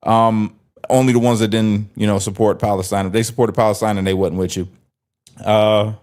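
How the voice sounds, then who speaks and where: A man's voice: fairly low pitch, little pitch movement, moderate pace, a little mellow, clear, resonant tone. A man giving casual reaction commentary, breaking into a clip to mock it in blunt, profane, slangy talk. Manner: talks back to the clip in slangy street speech.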